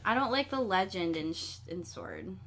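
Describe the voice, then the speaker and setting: A woman, a teacher, chatting casually as a podcast guest, upbeat and quick with short agreements. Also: mid-range voice, lively intonation, fairly bright tone.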